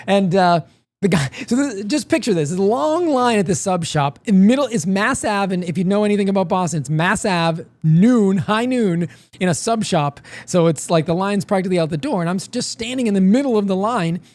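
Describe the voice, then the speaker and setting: A man's voice: high-pitched, expressive, normal speed, a little mellow, no echo. A man, a show guest, chatting casually and telling a long anecdote with many restarts. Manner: rambling, laughs often, self-correcting. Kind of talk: casual chat, storytelling.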